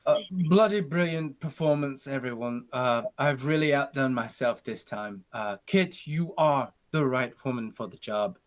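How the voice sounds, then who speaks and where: A man's voice: mid-range voice, a little slow, hardly any pauses, lightly acted. A man doing a put-on British accent as a haughty news director who calls people darling, in online improv. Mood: pompous. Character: brusque male British news director, smug boss. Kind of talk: improv comedy. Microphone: home video call.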